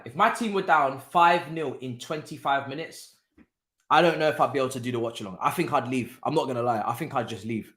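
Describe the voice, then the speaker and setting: A young man hosting a casual live football watchalong, talking in an animated, repetitive way with lots of slang and laughter. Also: medium pitch. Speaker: watchalong host. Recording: roomy echo.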